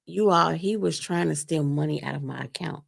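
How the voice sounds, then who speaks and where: A woman telling a painful personal story on a live stream, animated and speaking straight to her listeners. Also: low-pitched, moderate pace, vocal fry. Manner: animated, acts out quoted voices, addresses listeners as "you all". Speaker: guest sharing a testimony. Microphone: remote stream mic.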